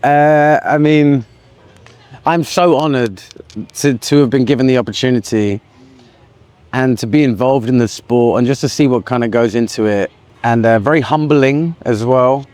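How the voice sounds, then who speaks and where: A man from the United Kingdom, chatting casually as an interview guest, easygoing and quick to laugh. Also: medium pitch, a little mellow. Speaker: guest, expat business owner.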